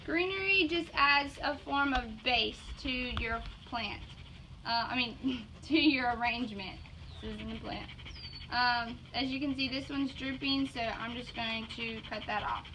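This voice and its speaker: High-voiced Southern woman teaching flowers. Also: measured pace, sharp tone. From Georgia. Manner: bubbly, enthusiastic, exclaims often. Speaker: floral design instructor. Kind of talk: casual video lesson. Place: outdoors in yards, then indoors at a table. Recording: dull lo-fi sound with outdoor noise.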